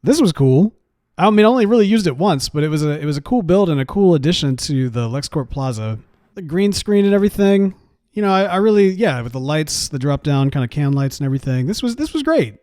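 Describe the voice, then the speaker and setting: A man's voice: a little high, sing-song, fairly quick, mellow, no echo, studio quality. A man giving casual, rambling gameplay commentary in a playful, coaxing way. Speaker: game series player.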